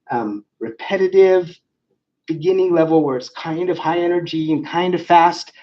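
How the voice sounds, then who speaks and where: A man gives a clinical psychiatry lecture in a conversational manner, with frequent fillers and restarts. His voice is a little high and a little mellow, captured in a dull, lo-fi lecture recording.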